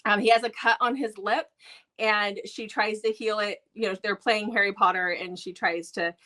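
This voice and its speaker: A woman's voice: medium pitch, steady tone, normal speed, bright, forceful tone. An American woman co-hosting a book review stream, chatting eagerly about audiobooks with plenty of fillers. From United States. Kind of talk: casual chat. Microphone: live stream mic.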